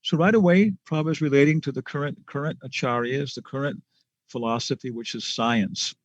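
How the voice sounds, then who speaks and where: A man's voice: medium pitch, brisk, no echo, highs cut off. A man giving a scripture class lecture, telling stories in a chatty way with restarts and chuckles. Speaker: spiritual teacher.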